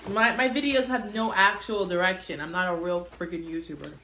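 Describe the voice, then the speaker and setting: A woman's voice: on the low side, fairly even intonation, fairly quick, bright, forceful tone, a little hiss or hum. A young woman vlogging at home to her phone camera, candid and chatty with exasperated asides. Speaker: YouTuber. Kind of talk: casual vlog talk to camera. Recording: echoey room.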